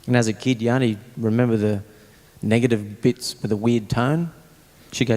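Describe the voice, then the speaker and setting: A man's voice: mid-range voice, fairly quick, long reverb tail. A man with an Australian accent doing stand-up, telling family stories in a dry, exasperated way. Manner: dry, exasperated storytelling with deadpan asides. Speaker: stand-up comedian. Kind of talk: stand-up storytelling. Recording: loud background noise, stand-up clip.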